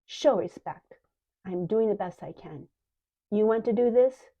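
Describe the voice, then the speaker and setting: Croaking hissing old crone, greedy, wheedling, acted by a woman, dull lo-fi storybook audio. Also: mid-range voice, unhurried. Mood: indignant. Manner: wheedling, sharp-tongued. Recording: dull lo-fi recording.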